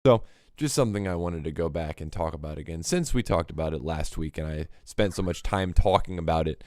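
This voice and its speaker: A man's voice: deep voice, fairly quick, noisy background. A man hosting a casual livestream music lesson, explaining patiently and mimicking hi-hat rhythms with clipped mouth sounds. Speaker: livestream host.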